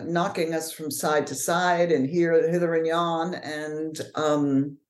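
A middle-aged woman from New Orleans with a Mid-Atlantic accent and proper, measured diction, answering interview questions with pauses and fillers. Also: low-pitched, darkish tone, reverberant. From New Orleans, USA. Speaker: actor and author, podcast guest.

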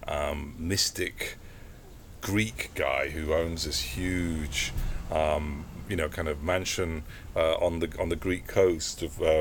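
A man being interviewed as a guest photographer, talking casually and rambling with many pauses and ums. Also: low-pitched, slight background noise.

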